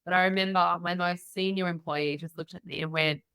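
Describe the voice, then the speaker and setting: A middle-aged Australian woman with a bright, forward voice tells candid stories on a podcast interview, acting out what others said to her. The sound is dry and close, with no room around it. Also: on the low side, brisk, clean tone, no room sound. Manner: candid, animated storyteller acting out quoted voices. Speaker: guest entrepreneur.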